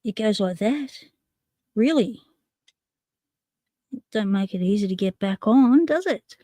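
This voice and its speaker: A woman's voice: mid-range voice, lively intonation, slow pace, mellow, no room sound. A woman hosting a casual live stream, chatting and narrating as she works with her hands and reads comments aloud. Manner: chatty, narrating while tinkering, reading chat aloud. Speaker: livestream host.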